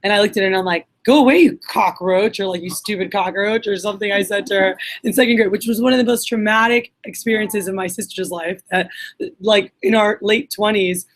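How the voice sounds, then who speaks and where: A woman's voice: medium pitch, a little fast. Young woman from puerto rico telling stories onstage, casual, lots of fillers, acts out the quotes. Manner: candid, animated storytelling with fillers and acted quotes. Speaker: speaker. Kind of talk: personal storytelling talk. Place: event hall.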